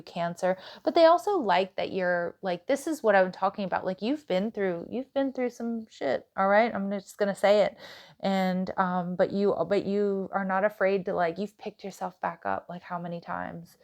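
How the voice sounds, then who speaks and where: Chatty woman giving a tarot reading. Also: fairly low pitch. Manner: chatty, frequent "like" and "you know", addresses viewers directly. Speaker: tarot reader. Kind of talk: casual tarot reading to camera.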